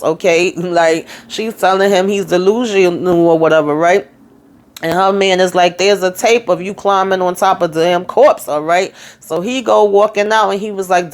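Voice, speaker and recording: A woman hosting a casual TV episode recap, retelling scenes in a sassy, chatty way with asides to her viewers. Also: on the low side. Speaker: TV recap host.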